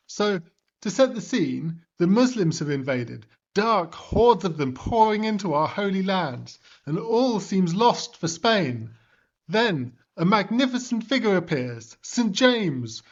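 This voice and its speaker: A man pitching an over-the-top story in a comic sketch dialogue, with a gushing, theatrical manner. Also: lo-fi sound.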